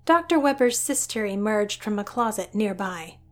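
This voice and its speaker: A woman narrating a scripted story in an even, descriptive way. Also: mid-range voice, normal speed.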